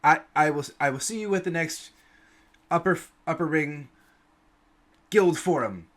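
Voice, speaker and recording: A man's voice: a little high, fairly bright tone, voice pushed up. A man voicing a flustered young male knight in a tabletop game, stammering and tripping over his words. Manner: stammering, rushed, anxious.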